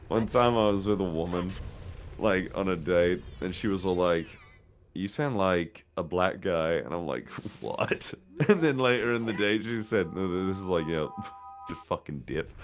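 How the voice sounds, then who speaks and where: A man's voice: low voice, animated, measured pace. A man chatting casually and crudely while streaming a game, swearing often and laughing through his own stories. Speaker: streamer co-host.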